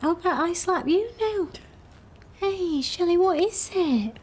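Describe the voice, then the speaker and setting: An actress playing a nosy bride-to-be who coaxes a friend in a brisk way. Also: female voice, very high-pitched, lively intonation, darkish tone. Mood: coaxing.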